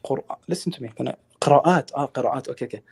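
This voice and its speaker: Husky man arguing in halting bursts. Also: medium pitch. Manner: halting, repeats words, insists on being heard. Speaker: caller. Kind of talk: call-in debate.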